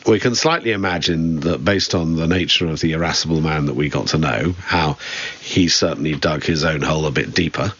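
A man's voice: a bass voice, fairly quick, a bit bright, muffled recording. A man with a Southern English accent, a guest in an interview, talking candidly and wryly about his father. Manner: dry, wry and candid. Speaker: guest, son of the director. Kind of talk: reflective interview talk.

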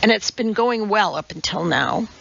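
A woman reading an audiobook, voicing a calm, precise woman chemist who speaks in a composed way. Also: mid-range voice, moderate pace, vocal fry, a little hiss or hum. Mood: matter-of-fact. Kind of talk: audiobook character voice. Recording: dull lo-fi audiobook recording.

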